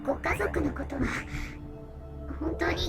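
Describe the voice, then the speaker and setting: A shy schoolgirl in a visual novel, pleads gently and politely in a very high voice with a slight rasp. She speaks quickly. Game music plays softly behind her. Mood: pleading.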